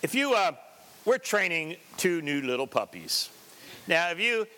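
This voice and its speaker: Pastor, male, high voice with a bright edge, drives points home by repeating them, cracks jokes along the way. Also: expressive, moderate pace. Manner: emphatic, repetitive preaching with joking asides. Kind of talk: sermon.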